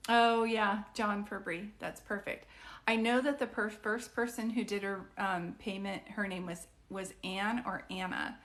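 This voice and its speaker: A woman doing psychic readings on a live stream, chatting with viewers in an excitable, rambling way. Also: mid-range voice, a little slow. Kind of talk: casual live-stream chat.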